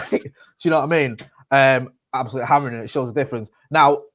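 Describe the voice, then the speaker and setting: A man's voice: medium pitch, fast talker. Sweary man chatting on a podcast. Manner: sweary, rambling, animated storytelling. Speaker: podcast co-host. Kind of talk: casual chat.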